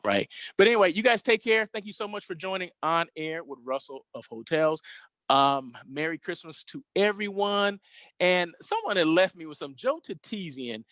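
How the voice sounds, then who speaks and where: A man's voice: mid-range voice, vocal fry, no echo. A man hosting a hospitality show, telling stories from his hotel career in a rambling, chatty way with lots of restarts. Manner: rambling, self-correcting, chatty. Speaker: host. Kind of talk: casual storytelling monologue.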